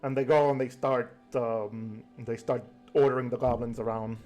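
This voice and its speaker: A man's voice: medium pitch, fairly even intonation, normal speed, a little mellow, faint music behind. A man narrating a tabletop game as game master, in a casual, hesitant way with lots of fillers.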